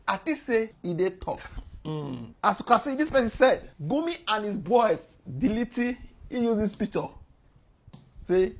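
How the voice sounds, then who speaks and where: A Nigerian woman hosting a casual news explainer, telling the story in lively fashion with frequent chuckles. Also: mid-range voice, measured pace, slightly rough. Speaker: host.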